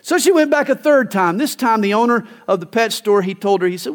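A man's voice: sits high, expressive, brisk. A male pastor preaching a sermon, emphatic, telling stories and acting out quoted lines. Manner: emphatic, storytelling with acted quotes.

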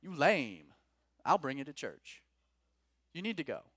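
A man preaching a sermon as pastor, rising to loud emphatic peaks and dropping to quiet, low lines. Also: very animated, a little slow, slightly rough, no echo, clean studio sound. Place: church.

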